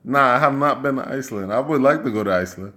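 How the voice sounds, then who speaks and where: A man's voice: mid-range voice, fast talker, pushed and bright. A man hosting a late-night livestream on a handheld microphone, telling rambling, profane stories and laughing often. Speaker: travel show host. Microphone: handheld microphone and headphones.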